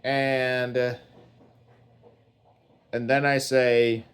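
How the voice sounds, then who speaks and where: A man rambling through a comic first-person monologue, deadpan and full of swearing. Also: medium pitch, slow, long pauses.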